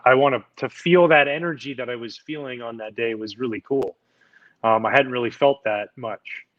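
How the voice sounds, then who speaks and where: A man in his forties, a podcast guest, telling relaxed, rambling stories with lots of fillers. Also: medium pitch, lo-fi sound. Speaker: podcast guest, former pitcher. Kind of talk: casual storytelling chat.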